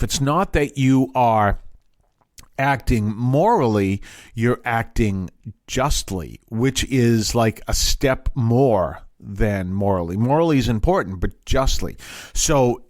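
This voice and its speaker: A male Bible teacher from the Boston area talks through scripture in an easygoing, rambling way, stopping for homely jokes. His voice sits at an ordinary pitch and jumps higher when he stresses a point. The sound is close and dry, with no room echo. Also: animated, slow. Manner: conversational, digressive, with jokey asides.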